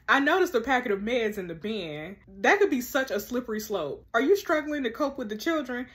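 A woman hosting her channel, reading a text-message story game aloud and breaking in with sassy, animated, slangy asides. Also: on the high side, fairly quick, few pauses. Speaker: host.

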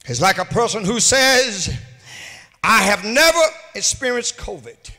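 A pastor preaching a sermon, rising into sung and shouted peaks, recorded in a church sanctuary. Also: male voice, sits high, animated, measured pace. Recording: hall reverb from a church livestream.

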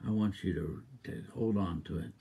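A man preaching a sermon as a minister, exuberant and emphatic, repeating exhortations and breaking into loud rhythmic laughter. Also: fairly low pitch, normal speed, gravelly, slightly rough.

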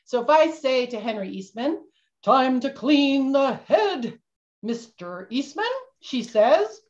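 Heavily acted and sing-song, her high voice moves slowly with a darkish tone. She is voicing a nervous, blundering schooner captain who denies being cursed, teaching kids through a role-play story on a video call with dull, lo-fi sound.

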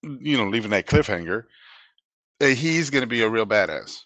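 A man's voice: medium pitch, lively intonation, normal speed, a bit bright, no echo. A man co-hosting a podcast review in casual chat, agreeable and explaining plot points. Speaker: podcast co-host reviewing a movie.

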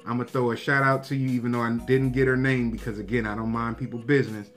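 A young man tells a story to his viewers in a loose, animated way, swearing freely and acting out the lines of the people in it. His voice sits at a middle pitch. Faint music plays behind him. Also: quick pace, few pauses. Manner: animated, profane, acts out quotes. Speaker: vlogger. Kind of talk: casual storytelling to camera.

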